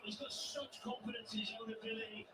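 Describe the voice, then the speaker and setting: A man giving live football match commentary in a measured, analytical way. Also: high voice, steady tone, noisy background. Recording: distant TV broadcast in a roomy space.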